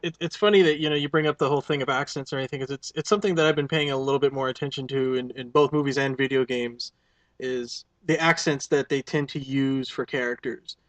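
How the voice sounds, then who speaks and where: A man's voice: medium pitch, fairly even intonation, quick pace, dry recording. A man co-hosting a podcast, talking things through thoughtfully with careful hedges and restarts. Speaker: podcast co-host. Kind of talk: casual movie review chat.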